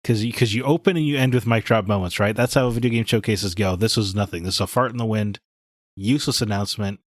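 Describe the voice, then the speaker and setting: A man with a low voice gives blunt, opinionated takes in loose podcast chat. The sound is dry and close, with no room around it. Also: fast talker, no room sound. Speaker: podcast co-host. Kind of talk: casual chat.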